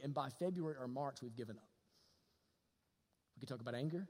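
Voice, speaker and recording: A man preaching a sermon, animated, swinging from loud to hushed. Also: fairly high pitch, quick pace, long pauses. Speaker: pastor. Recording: long reverb of a hall.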